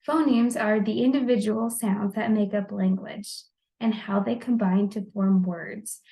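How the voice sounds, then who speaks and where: A young adult woman presenting a class discussion post, explaining the basics of language in a friendly, steady way. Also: mid-range voice, unhurried, vocal fry, poor audio. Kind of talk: informal lesson on the basics of language.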